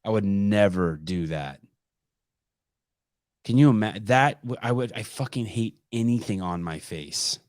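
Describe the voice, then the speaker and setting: A man hosts a live call-in podcast, talking in a low voice. He speaks animatedly and swears freely, often stumbling and restarting. The sound is close and dry, without any room echo. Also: a little slow. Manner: animated, profane, many restarts. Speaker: podcast host.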